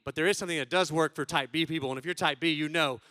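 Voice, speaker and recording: A man in his thirties tells comic stories to a crowd, loud one moment and hushed the next as he acts out what people said. His voice sits high and bright for a man. The sound is close and dry. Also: very fast, clean tone, dry recording. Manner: animated, acts out quotes, swings from loud to hushed. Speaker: conference speaker. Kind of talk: comedic storytelling talk.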